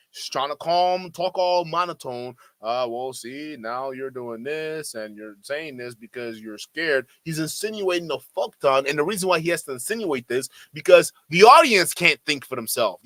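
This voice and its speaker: A man's voice: fairly high pitch, sharp tone, no echo. A man commentating on a debate clip during a live stream, heated and profane, mocking the people in it. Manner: heated, profane, rapid-fire, with mocking quoted voices.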